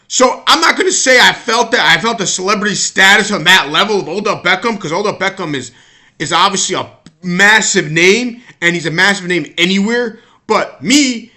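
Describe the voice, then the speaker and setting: A man's voice: sits high, pushed and bright. An American man giving a rambling, exasperated sports-opinion monologue, often repeating and restarting his words. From United States. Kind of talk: casual monologue rant.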